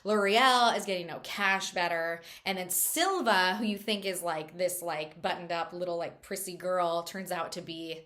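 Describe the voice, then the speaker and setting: A woman's voice: fairly low pitch, normal speed, hardly any pauses, fairly bright tone. A woman chatting casually as a book reviewer, bubbly and chatty with lots of fillers.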